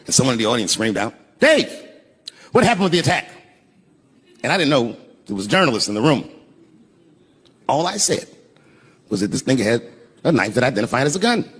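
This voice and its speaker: A male stand-up comedian telling a story on stage, dropping to a hush and then shouting the punchlines. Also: mid-range voice, big pitch swings, fast, pauses often, slightly rough. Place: large theater stage with an audience. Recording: reverberant venue sound with crowd noise. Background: audience laughter.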